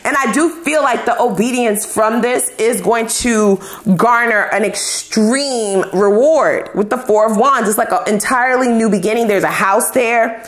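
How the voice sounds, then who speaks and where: A woman's voice: fairly high pitch, moderate pace, hardly any pauses, roomy sound. A woman giving a casual tarot reading to camera, talking bluntly in heavy slang and swearing freely. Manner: blunt, profane, slangy and animated. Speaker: tarot reader.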